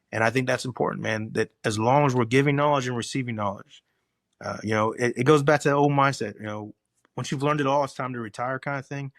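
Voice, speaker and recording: A man's voice: medium pitch, quick pace, dry recording, clean studio sound. A man speaking as a guest on a podcast, a firefighter and instructor telling stories earnestly, with frequent restarts as he goes. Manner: earnest, animated storytelling with many restarts. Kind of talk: casual conversational interview.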